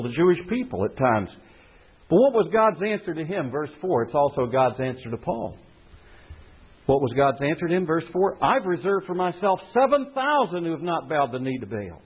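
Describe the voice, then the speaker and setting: A man's voice: fairly high pitch, breathy edge. A man preaching a sermon, reading scripture and driving his points home with emphatic, rising lines. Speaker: pastor. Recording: tinny phone-like sound.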